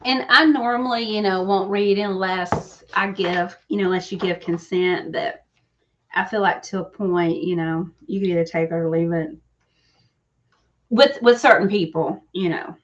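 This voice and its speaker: A woman's voice: fairly low pitch, moderate pace, slight background noise. A woman giving readings on a live show, confiding and emotional, chatting with viewers and laughing easily. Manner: emotional, confiding, says y'all, breaks into laughs. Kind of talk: live stream talk with viewers. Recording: slightly dull, lo-fi stream audio.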